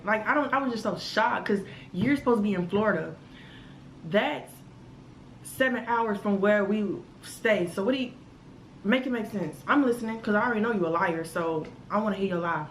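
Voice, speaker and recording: A young woman tells a story straight into her phone camera, chatty and animated. Her voice sits at a medium height and rings a bit in an echoey room, with a faint hum behind her. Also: medium pitch, normal speed. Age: 20s. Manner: animated, chatty, full of asides. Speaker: vlogger. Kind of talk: casual storytime.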